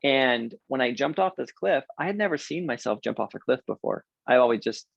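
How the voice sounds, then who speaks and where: A man's voice: mid-range voice, lively intonation, fairly quick, vocal fry, no room sound, highs cut off. A man in his forties, an interview guest, candidly telling a self-deprecating personal story in a casual way. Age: 40s.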